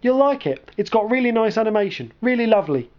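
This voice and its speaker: A man's voice: high voice, sing-song, fast talker, dull audio, voice pushed up. Andy, a man doing an earnest ghost friend. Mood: insistent. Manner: earnest and firm. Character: insistent ghost of a dead male friend.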